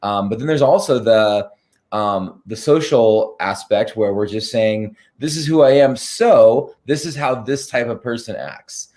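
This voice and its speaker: A man's voice: fairly low pitch, unhurried, darkish tone. Hesitant man in casual chat. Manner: hesitant, many ums and restarts. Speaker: co-host coach.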